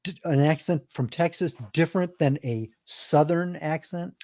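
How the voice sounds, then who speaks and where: A man's voice: a little high, normal speed, a little mellow, no room sound, studio quality. A man hosting an interview over a video call, putting short follow-up questions to his guest. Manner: brief prompts and follow-up questions. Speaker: interview host.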